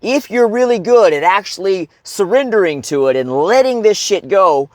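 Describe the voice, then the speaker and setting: With a high, animated, slightly mellow voice at normal speed, a middle-aged life coach counsels men in motivational talk. His delivery is blunt and full of swearing, and he keeps asking "okay?" and "right?". Clean studio sound, no echo.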